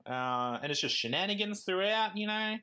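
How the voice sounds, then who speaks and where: A man co-hosts a podcast in loose, casual chat. His voice is bright and swoops up and down as he jokes, laughs, and drops into goofy character voices. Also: sits high, lively intonation, moderate pace, clean tone. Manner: joking, laughs often, slips into silly character voices. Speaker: podcast co-host.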